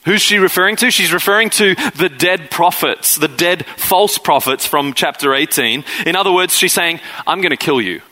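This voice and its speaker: A man's voice: sits high, normal speed, hardly any pauses, bright, forceful tone, rough recording. A man preaching a conversational sermon as pastor, acting out the people in the story as he retells it. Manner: conversational preaching, acts out quoted figures.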